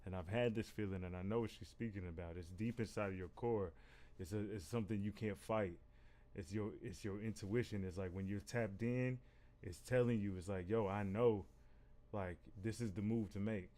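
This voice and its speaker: A man talks to his viewers in a low, easygoing voice. He rambles and repeats himself as he gives frank, profane encouragement, like a casual reaction-video host. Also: fairly quick, warm tone. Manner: rambling, repeats "you know what I'm saying"; candid and profane. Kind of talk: casual motivational talk.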